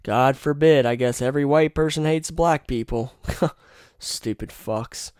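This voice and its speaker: A man's voice: mid-range voice, unhurried, darkish tone, smooth, no echo, clean studio sound. A young man hosting a podcast, telling rambling, profane stories and giving blunt opinions in a casual monologue. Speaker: podcast host.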